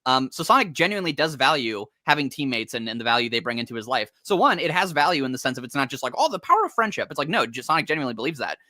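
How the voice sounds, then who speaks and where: A young man hosting a casual comics podcast, talking fast and animatedly with lots of swearing and laughter. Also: medium pitch, animated, sharp tone, no room sound, clean studio sound. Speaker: podcast host.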